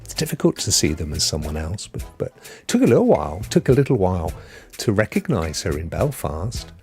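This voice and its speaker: Guy on his stream, low-ish voice, goes up and down a lot, chatting to the chat with a bit of music behind. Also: huge pitch swings, brisk, a little mellow. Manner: chatty, replies to viewers in the chat. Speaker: streaming host. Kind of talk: casual live-stream chat.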